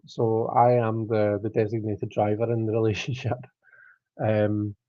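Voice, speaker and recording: A man's voice: mid-range voice, no room sound. A man in his thirties hosting a casual tarot live stream, chatting in a rambling way and reading viewer comments aloud. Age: 30s. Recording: dull lo-fi stream audio.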